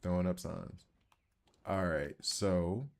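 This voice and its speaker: A man's voice: low-pitched, slow, vocal fry, darkish tone. A man with a Southern accent giving casual, rambling commentary while he plays a video game. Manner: rambling, self-deprecating, chatty. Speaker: gaming channel host.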